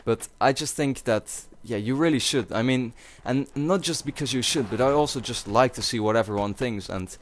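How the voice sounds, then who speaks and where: A man's voice: mid-range voice, normal speed, few pauses, slight background noise. A young man from the Netherlands with a Dutch accent, rambling casually to his viewers with many fillers and restarts. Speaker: YouTuber.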